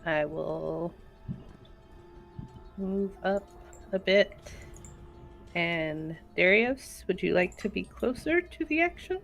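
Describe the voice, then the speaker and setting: A woman playing a tabletop game, describing her moves slowly and deliberately. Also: on the low side, lively intonation, gravelly, a bit bright, soft background music. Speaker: player. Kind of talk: casual tabletop game chat.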